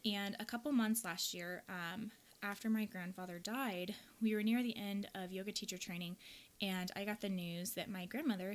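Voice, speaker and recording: A young woman from the American Midwest, a yoga teacher hosting a podcast, telling a personal story in a candid, earnest, reflective way. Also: mid-range voice.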